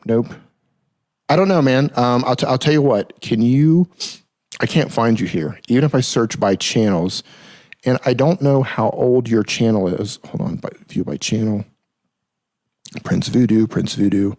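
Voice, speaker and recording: A man hosting a casual live stream, reading viewer questions aloud and answering in a relaxed, chatty way, often laughing. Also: mid-range voice, no echo, clean studio sound. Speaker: livestream host answering questions.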